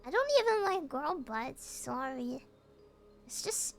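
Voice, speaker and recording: A woman's voice: sits high, lively intonation, slow pace, gravelly, soft background music. A young woman VTuber chatting casually on stream, playful and giggly as she reacts to her chat.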